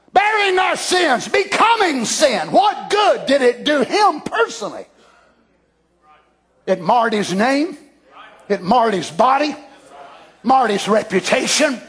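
High-pitched fervent preacher, drawl. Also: male voice, very animated, unhurried, long pauses, breathy edge. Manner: fervent, swings from hushed asides to shouted declarations. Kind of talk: Pentecostal-style sermon.

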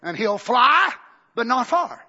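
A man preaching a fiery Pentecostal sermon, swinging from shouts to hushed near-whispers. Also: very high voice, sing-song, slow pace, breathy edge, muffled recording.

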